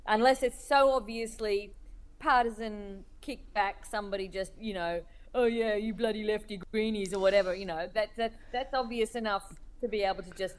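A woman cartoonist being interviewed, speaking thoughtfully with many pauses, fillers and restarts. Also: medium pitch. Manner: hesitant, many restarts and fillers, laughs while telling stories.

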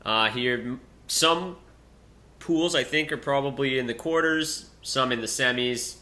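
A man's voice: mid-range voice, unhurried, bright, forceful tone. A man hosting a casual hockey podcast, chatting loosely with laughs and fillers. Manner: laughs easily, many fillers. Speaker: podcast host.

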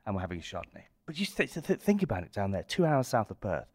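A man explaining wine in a relaxed, descriptive way during a casual podcast chat. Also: on the low side, fast. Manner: expansive, descriptive about wine. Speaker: wine expert guest.

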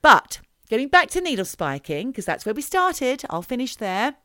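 A woman's voice: on the high side, very animated, moderate pace, bright, forceful tone, no echo, studio quality. A woman co-hosting a podcast who tells a true crime story in a chatty, dramatic way. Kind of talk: casual storytelling chat.

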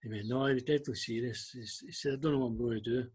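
Older Scottish man telling anecdotes, husky. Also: mid-range voice, steady tone, rapid-fire, darkish tone. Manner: anecdotal, acts out quoted dialogue. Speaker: guest, former club liaison officer. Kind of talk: casual storytelling interview.

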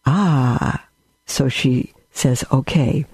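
A man's voice: fairly high pitch, slow, slightly rough, no echo. A man giving a rambling spiritual talk, telling stories with asides. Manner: storytelling, warm and rambling with asides. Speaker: religious teacher.

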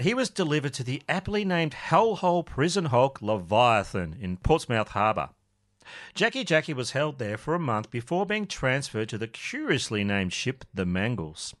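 A man's voice: medium pitch, fairly bright tone. A man co-hosting, recounting a comic history story in a dry, matter-of-fact way. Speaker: podcast co-host.

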